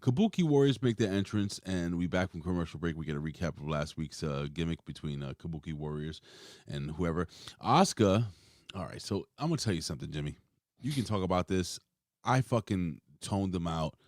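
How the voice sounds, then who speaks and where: A man's voice: low voice, lively intonation, brisk, a little mellow, no room sound, studio quality. A man co-hosting a casual wrestling review chat, joking, swearing and mocking the wrestlers. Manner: profane, joking, mocking impressions. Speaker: co-host.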